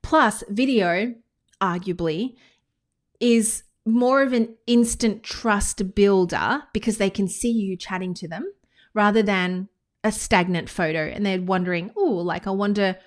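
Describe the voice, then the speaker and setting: An enthusiastic woman with an Australian accent talks straight to camera like a friendly business coach. She explains things in a casual, chatty way, often breaking off into quick asides, and her voice sits at an ordinary middle pitch. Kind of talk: casual teaching monologue to camera. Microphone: screen-recorded talking head with whiteboard.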